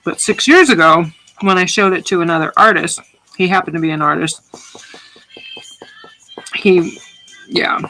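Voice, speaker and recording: A woman's voice: on the low side, expressive, moderate pace, pauses often, pushed and bright, faint music behind, rough recording. A woman artist chatting casually on a livestream while she works, rambling and swearing now and then. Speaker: artist streaming her work. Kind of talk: casual livestream chat while making art.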